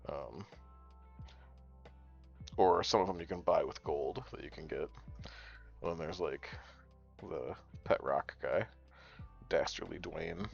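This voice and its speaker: A man's voice: extremely low pitch, takes it slowly, vocal fry, pauses often. A man streaming a card game, chatting casually with his viewers in a rambling way and swearing freely. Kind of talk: casual gaming commentary. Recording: dull lo-fi stream audio with faint music.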